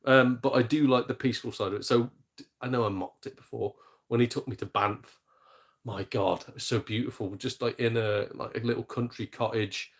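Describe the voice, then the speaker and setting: A man's voice: medium pitch, steady tone. A young man, chatting casually on a gaming live stream, joking, laughing easily and swearing mildly. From England, Shropshire near the Welsh border. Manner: chatty, jokey, quick laughs, mild swearing.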